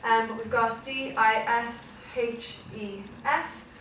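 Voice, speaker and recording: This young Irish woman teaches a Spanish revision lesson slowly and forcefully, her high voice steady and bright. She explains things one step at a time, often checking "okay?". Recorded from a distance in an echoey classroom, with faint noise.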